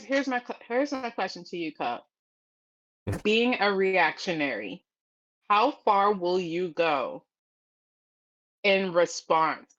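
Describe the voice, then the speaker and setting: A woman's voice: low voice, a bit bright, muffled recording. A woman guest on a livestream, talking casually in a blunt, profane, slangy way. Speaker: stream guest. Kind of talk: casual chat.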